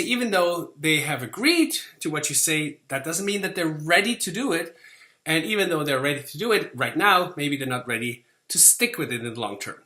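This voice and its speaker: Lively, bright-voiced male sales instructor, casual lecture delivery, roomy echo. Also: a little high. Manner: lively, conversational, acts out quoted lines, frequent "okay?" checks.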